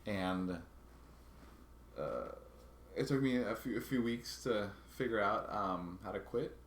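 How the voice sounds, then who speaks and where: Brief: deep-voiced man, casual halting vlog narration, echoey room, faint background hiss. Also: animated. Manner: halting, restarts and repeats words while recounting a grievance. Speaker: vlogger.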